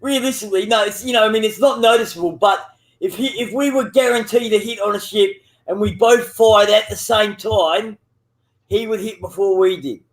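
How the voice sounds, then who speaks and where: A man's voice: high-pitched, moderate pace. A man in casual banter with a friend over voice chat, rambling and teasing, swearing constantly. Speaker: gamer chatting with a friend.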